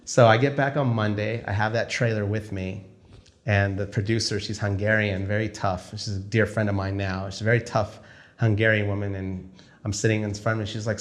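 A male film director telling a story casually, acting out the conversations he quotes. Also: fairly low pitch. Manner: animated, acts out dialogue in quick quoted exchanges.

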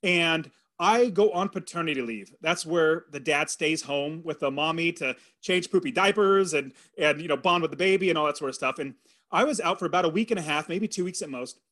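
Man, middle-aged, podcast guest, earnest storyteller, fairly high voice, acts out his own thoughts. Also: fairly quick, fairly bright tone. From California. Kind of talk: storytelling in an interview.

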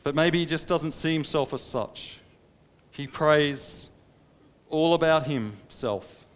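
A man preaching a sermon, dramatic, swinging between impassioned pleading and hushed, quiet stretches. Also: on the high side, takes it slowly. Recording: long reverb of a large hall.

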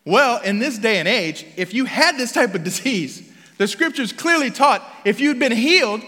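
A man's voice: very high-pitched, expressive, normal speed, sharp tone, big-room sound. A man preaching a sermon as pastor in a conversational, emphatic way, often restarting his phrases.

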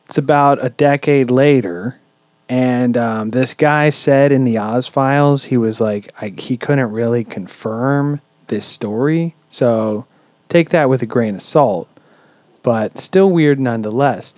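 A man hosting a podcast, telling a story in a relaxed, chatty way with lots of "um"s and casual swearing. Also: mid-range voice, a little slow, no echo. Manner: relaxed, swears freely, many "um"s. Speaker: podcast host.

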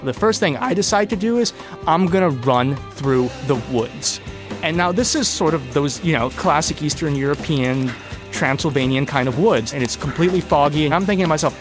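A young man telling a personal story, animated and breathless, with sudden loud bursts. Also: on the high side. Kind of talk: personal story told on stage.

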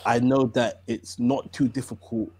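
A man's voice: mid-range voice, steady tone, a little slow, a little mellow, breathy edge. A man, co-hosting a casual podcast chat in a joking, light way. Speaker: podcast co-host.

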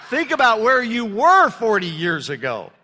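With a very high voice, huge pitch swings, and a bright, forceful tone, an older pastor preaches at a normal speed. His sermon is conversational, full of "Amen" calls and self-deprecating humor, recorded with the long reverb of a large hall.

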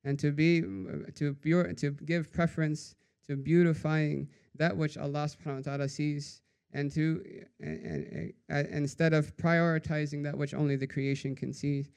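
A man giving a storytelling sermon in a conversational way, often adding "right?" and dropping to a hushed voice for quoted sayings. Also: on the high side, moderate pace, gravelly, hardly any pauses, clear, resonant tone. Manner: conversational, says "right?" after nearly every phrase. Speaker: religious teacher.

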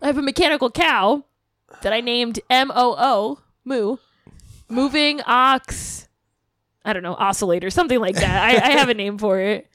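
A woman's voice: on the high side, moderate pace, a bit bright, no room sound, studio quality. A young woman chatting casually as a podcast co-host, rambling and laughing often. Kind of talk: casual chat.

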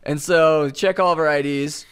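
This podcast co-host is a man in his thirties spinning a rowdy tale in a relaxed chat among friends, laughing often and performing the voices of those he quotes. His pitch is fairly high and a bit bright, his intonation fairly even, his pace moderate.

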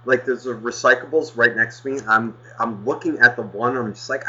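A man rants through a long story with a bright, forceful voice, swearing every few words. He rambles and restarts as he talks to his co-host. The audio is muffled and lo-fi. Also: medium pitch, fairly quick. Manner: animated, swears constantly, rambling. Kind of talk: casual profane storytelling.

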